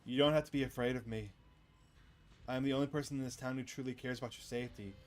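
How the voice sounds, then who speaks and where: A man voicing a mysterious, menacing man who stalks the player character in a visual novel, speaking slowly and calmly. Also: mid-range voice, natural voice. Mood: ominous.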